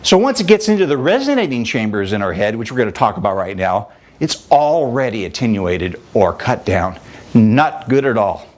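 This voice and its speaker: Animated male vocal coach. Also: lowish voice, moderate pace. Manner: animated, demonstrative, conversational teaching. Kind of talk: instructional talk with vocal demonstrations.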